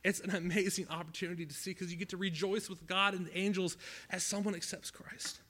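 A man preaching a sermon at a youth camp, conversational and dramatic, swinging from loud to hushed. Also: high voice, flat delivery, fairly quick.

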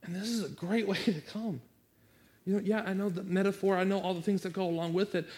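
A man's voice: high-pitched, steady tone, fast, darkish tone. Earnest man preaching an altar call. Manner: earnest, pleading, repetitive. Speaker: pastor.

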